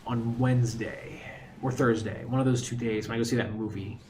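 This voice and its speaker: A man's voice: medium pitch, steady tone, brisk, darkish tone, a little hiss or hum. A man chatting casually while streaming a game, rambling between thoughts and throwing in mocking asides. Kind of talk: casual gaming stream chat.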